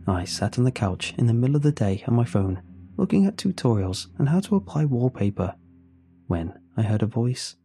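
A man narrating a first-person horror story in a measured, tense way. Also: medium pitch, sing-song, warm tone, breathy edge. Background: faint music.

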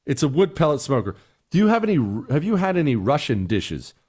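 A middle-aged man hosts a talk show, venting in a blunt, exasperated way and mocking the views he disagrees with. His pitch swings widely as he talks, rising high in the mocking stretches and dropping low again. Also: big pitch swings, brisk, a little mellow, breathy edge. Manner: blunt, exasperated ranting with mock quotes. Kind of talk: opinionated commentary and listener emails.

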